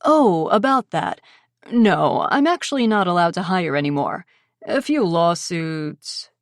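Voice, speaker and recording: A woman's voice: lowish voice, very animated, normal speed, no echo, clean studio sound. A woman voicing a cocky, sleazy male sports reporter in an audiobook. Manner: cocky, dismissive.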